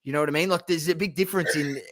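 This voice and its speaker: A man's voice: fairly high pitch, very fast, a bit bright, no room sound, studio quality. A man co-hosting a sports podcast, talking football in casual chat and repeating words as he builds a point. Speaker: podcast co-host.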